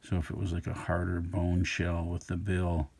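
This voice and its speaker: A middle-aged man, an art instructor, talks in an easygoing, musing way, thinking aloud as he sketches in a relaxed drawing tutorial. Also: low voice, normal speed, vocal fry, slightly rough.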